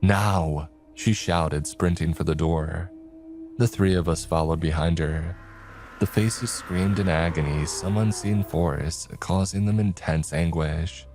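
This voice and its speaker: A man giving a measured, dramatic scripted narration of a horror story. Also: low-pitched, steady tone, noisy background. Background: faint music.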